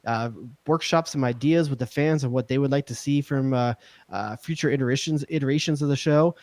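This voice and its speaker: A man co-hosting a podcast, chatting casually with quick, playful ribbing. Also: mid-range voice, darkish tone, no room sound. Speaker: podcast co-host. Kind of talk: casual chat.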